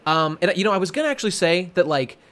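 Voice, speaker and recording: A young man with a slightly raised pitch chats on a podcast. He rambles, trips over his words and gets excited, swearing freely as he goes. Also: fast. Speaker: podcast co-host. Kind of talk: casual chat.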